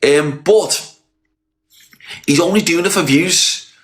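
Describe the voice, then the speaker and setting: A man's voice: a little high, slow, a bit bright. Confrontational Scouse man ranting. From Liverpool, England. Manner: repetitive, confrontational, swearing. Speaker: live streamer. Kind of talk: ranting livestream call-out.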